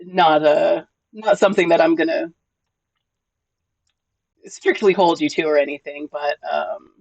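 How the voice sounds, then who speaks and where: A live streamer in casual chat with viewers, gentle and encouraging, often repeating words at the start of sentences. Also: medium pitch, fairly even intonation, unhurried, vocal fry, no echo, highs cut off. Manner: emotional, gentle.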